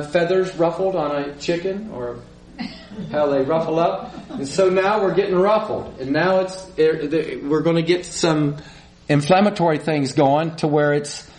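A middle-aged male pastor gives a conversational sermon, asks the congregation questions and acts out small quarrels. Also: on the high side.

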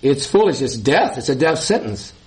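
A man's voice: mid-range voice, sing-song, normal speed. A man preaching a sermon, reading scripture and stressing points with repeated words and short laughs.

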